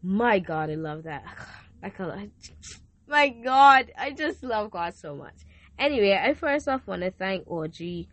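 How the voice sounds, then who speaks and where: A young woman hosting a faith podcast, speaking casually and emotionally, often repeating herself. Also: mid-range voice. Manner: emotional, repetitive, faith-filled gratitude. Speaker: podcast host. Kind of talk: casual thank-you message.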